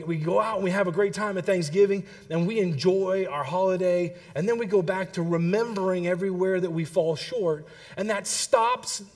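A middle-aged man preaching a sermon, telling a family story and checking in with the congregation. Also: high-pitched. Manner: storytelling, lively, addresses the congregation with "okay?". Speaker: pastor.

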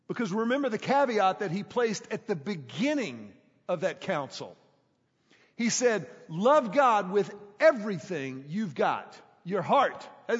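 A middle-aged man, preaching a sermon as a pastor, telling a story emphatically and stretching key words slowly for drama. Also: sits high, husky. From Houston, Texas. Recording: echoey hall, dull sound.

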